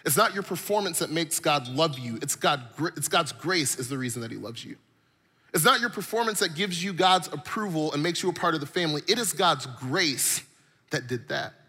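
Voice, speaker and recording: A man's voice: fairly high pitch, lively intonation, normal speed, sharp tone, slightly rough. A man preaching a sermon, telling stories with animation and building his points through repetition. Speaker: pastor.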